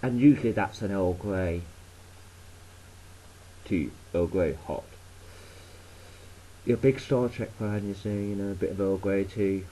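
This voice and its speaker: A man's voice: lowish voice, measured pace, long pauses, warm tone, a little hiss or hum, low-quality recording. An English man with an English accent, rambling in a blunt, sweary and sarcastic vlog monologue. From England. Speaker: vlogger.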